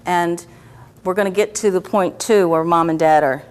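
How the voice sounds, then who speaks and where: Gentle woman guiding a therapy session. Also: fairly low pitch, moderate pace, clean tone. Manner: gentle, coaxing questions with frequent "okay". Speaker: EFT practitioner.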